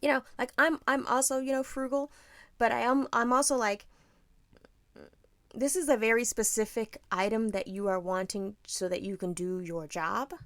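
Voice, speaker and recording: A woman from Tampa co-hosting a podcast, her voice sitting somewhat high. She tells a story in an animated, chatty way, acting out the voices of the people in it and laughing often. The sound is dry and close, with no room echo. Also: moderate pace. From Tampa, Florida, USA. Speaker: podcast co-host. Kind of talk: casual storytelling chat.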